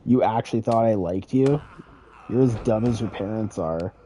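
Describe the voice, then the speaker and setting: A man's voice: on the low side, normal speed, dark tone, slight background noise, lightly acted. A man voicing a smug, cruel male wrestler who sneers insults in a retold game story. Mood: sneering.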